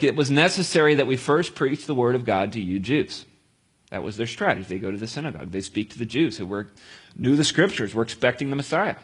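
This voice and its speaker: A man preaching a sermon to a gathered group, in a conversational style with lively storytelling and asides. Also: fairly high pitch, slightly rough.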